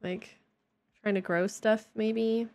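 A woman's voice: a little high, steady tone, slow, vocal fry, darkish tone. Playful woman streamer chatting with viewers. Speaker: livestreamer. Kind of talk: casual live-stream chat while playing. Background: faint game music.

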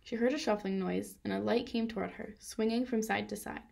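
Woman reading a storybook aloud, really gravelly voice, steady. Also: mid-range voice, brisk. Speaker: reader.

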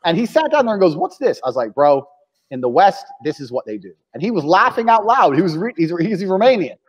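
A man with a high-pitched, husky, sing-song voice talks fast as a podcast guest in casual conversation. He's blunt and provocative, swears, and acts out the voices of the people he quotes. The recording is dull lo-fi audio with long reverb.

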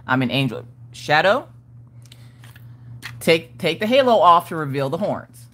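Woman hosting a craft livestream, bouncy animated voice, jokey and chatty, laughs a lot. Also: sits low, measured pace. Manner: chatty, playful, reads comments aloud and laughs often. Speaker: livestream host of a crafting chat. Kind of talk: casual livestream chat, greeting viewers.

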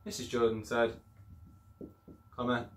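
A man's voice: mid-range voice, completely flat delivery, unhurried, fairly bright tone, slight background noise. A male primary school teacher giving an upbeat, encouraging video lesson, sometimes acting out voices as he explains. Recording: echoey room.

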